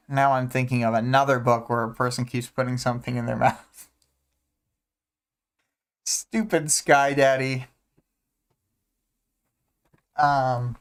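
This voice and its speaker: Guy slowly rambling through a book chat, lots of ums, smooth clear voice. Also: medium pitch. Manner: rambling, many fillers, hums to himself. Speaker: podcast host. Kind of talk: casual chapter discussion.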